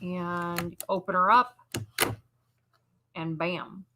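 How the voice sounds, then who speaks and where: Casting: woman, stream co-host, slow and deliberate, bright tone, faint noise behind. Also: lowish voice, level tone. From United States. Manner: unhurried, describing items one by one. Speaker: co-host showing items on a live stream. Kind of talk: live-stream item showcase.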